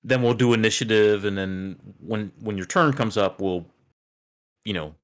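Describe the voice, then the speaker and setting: A man's voice: fairly low pitch, normal speed. A man running a tabletop game as game master, rambling with many fillers as he narrates.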